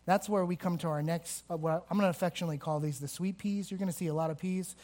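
A man preaching a sermon to a congregation, swinging between emphatic rises and slow, quiet stresses. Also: on the high side, fairly even intonation. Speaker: pastor. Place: church hall with a congregation.

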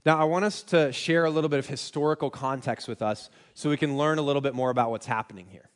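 A man's voice: medium pitch, fast talker, hardly any pauses. A young man preaching a sermon in a conversational, self-deprecating way, with frequent restarts. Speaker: pastor.

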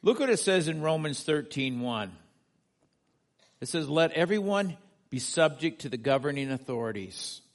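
A man preaching a sermon, with a voice that sits a little higher than most men's. He speaks earnestly, climbs to emphatic peaks and turns questions back to the congregation. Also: animated, moderate pace. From United States. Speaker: pastor.

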